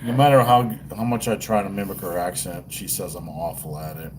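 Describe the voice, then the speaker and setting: A man's voice: sits low, steady tone, fairly quick, background noise. A man hosting a casual livestream, rambling and joking with crude language. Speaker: livestream host.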